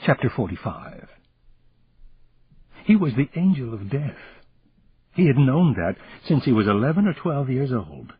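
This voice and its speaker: A man reading a thriller audiobook in the third person, in a grave, measured way. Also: mid-range voice, sing-song, slightly rough. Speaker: audiobook narrator. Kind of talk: third-person scripted narration. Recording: dull lo-fi recording.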